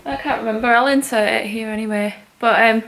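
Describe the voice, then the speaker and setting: A woman's voice: on the high side, steady tone, a little fast, fairly bright tone. A woman vlogs into a handheld camera in a slightly raised voice. She chats casually, wears her feelings openly and laughs easily. A faint background hum sits under her voice. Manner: chatty and emotional, often laughs, many "like"s. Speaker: vlogger. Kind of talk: casual vlog chat.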